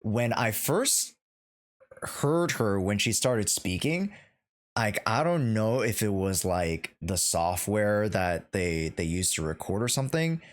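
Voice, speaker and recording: A man hosting a casual podcast chat on a headset, talking in a halting way with many restarts. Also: fairly low pitch, big pitch swings. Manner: hesitant, many restarts and fillers. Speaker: podcast host.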